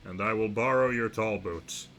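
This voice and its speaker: A young man commentating a game stream. His voice sits on the low side but sounds bright and forward, and he drops wry remarks to himself. Faint game music plays behind him. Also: moderate pace. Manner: wry, talks to himself while reacting to the game. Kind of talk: let's-play commentary.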